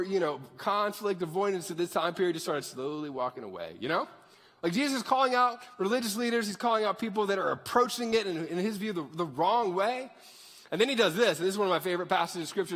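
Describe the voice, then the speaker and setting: Male pastor, bright high voice with wide swings, conversational and joking, preaching in a reverberant hall. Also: fast. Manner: animated, conversational, jokey. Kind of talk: sermon. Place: church sanctuary.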